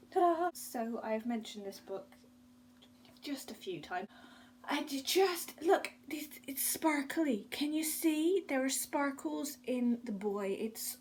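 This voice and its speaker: A woman's voice: on the high side, a little mellow, a little hiss or hum, poor audio. Bubbly, gushing woman vlogger. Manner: bubbly, gushing, quick to laugh. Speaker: book vlogger. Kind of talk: casual book vlog chat.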